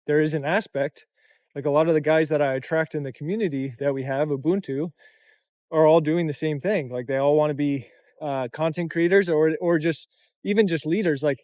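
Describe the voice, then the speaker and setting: A man's voice: on the high side, darkish tone, dry recording, clean studio sound. A young man talking to camera in a casual vlog, tired, reflective, and full of loose run-on phrases. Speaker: content creator and coach.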